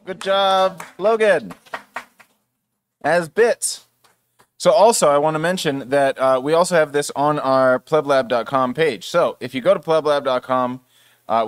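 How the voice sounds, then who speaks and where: A man's voice: medium pitch, no room sound. A man casually presenting at a developer meetup, rambling a bit with fillers.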